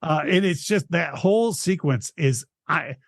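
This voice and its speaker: A man in casual podcast chat, halting and filling gaps with "like". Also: fairly high pitch, lively intonation, creaky, no room sound, clean studio sound. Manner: filler-heavy, halting. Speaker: podcast guest.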